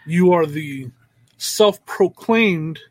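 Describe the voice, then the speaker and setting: A man co-hosting a podcast, telling stories in an animated way and often laughing. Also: a little high, slow pace, breathy edge, dry recording. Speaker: podcast co-host. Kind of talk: casual chat.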